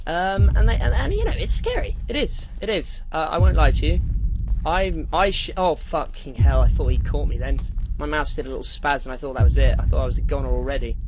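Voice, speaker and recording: A man's voice: on the high side, lively intonation, brisk. Jumpy shrieking gamer man. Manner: jumpy, shrieks and swears when startled; mutters to himself between scares. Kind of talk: horror game commentary. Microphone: headset.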